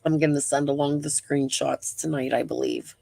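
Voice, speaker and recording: A woman's voice: rumbling low, fairly even intonation, normal speed, vocal fry, warm tone, slightly rough, dry recording. A middle-aged woman hosting a casual live stream. She talks bluntly, rambles, swears freely and breathes heavily.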